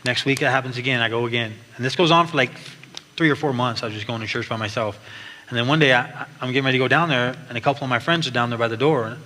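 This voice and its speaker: A man's voice: medium pitch, racing, sharp tone. A man giving an earnest personal testimony at church, telling his story with frequent restarts. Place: large church hall. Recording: long hall reverb, faint background noise.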